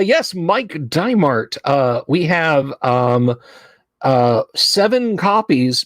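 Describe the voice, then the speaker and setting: A man's voice: fairly high pitch, no echo, studio quality. Chatty man hosting a livestream. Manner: chatty, reads viewer names aloud, laughs easily. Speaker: livestream host. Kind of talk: casual livestream chat.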